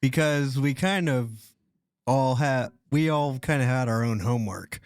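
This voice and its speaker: A man's voice: medium pitch, unhurried, clear, resonant tone, dry recording. Rambling man telling a story. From Indiana. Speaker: podcast co-host telling a history story. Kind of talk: casual chat.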